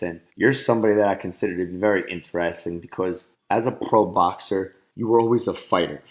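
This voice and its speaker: A young man in his twenties hosts with a lowish voice and an upbeat, chatty manner. He sets up questions at length and keeps dropping in quick words of agreement. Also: a little mellow. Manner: upbeat, chimes in with frequent agreements. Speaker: podcast host. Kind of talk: conversational interviewing.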